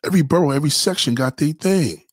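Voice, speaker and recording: A middle-aged New Yorker with a thick New York accent delivers a casual street-talk monologue, fast and fairly high-pitched. He's animated and profane, heavy on slang and repeating himself, on a dry recording.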